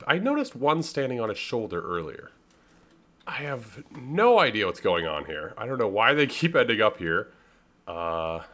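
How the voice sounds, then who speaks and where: A man's voice: fairly low pitch, sharp tone. A young man from Canada giving casual, rambling commentary over his own gameplay, chatting and interrupting himself as he goes. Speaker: gaming YouTuber.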